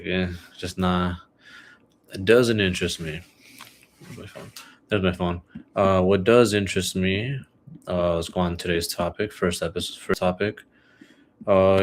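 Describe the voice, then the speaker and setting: A young man with a low voice hosts a solo podcast, chatting about his week and his sports picks. His talk is rambling, laid-back, and full of fillers, with slight background noise.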